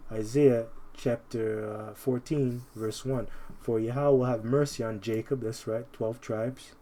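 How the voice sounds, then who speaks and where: A man preaching in a loose, street-style way, pressing his points again and again. His voice sits at an ordinary middle pitch, and he slows down deliberately whenever he reads a verse. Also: mellow, slight background noise. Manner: emphatic, repetitive, ends phrases with "man"; slows down to read verses aloud. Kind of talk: informal scripture preaching.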